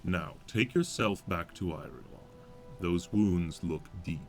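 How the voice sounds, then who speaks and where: A man's voice: sits low, measured pace, soft background music, pitched below the performer's own voice. A man putting on the voice of a dutiful male fantasy hero, reading game dialogue in a mock-noble way. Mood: gallant.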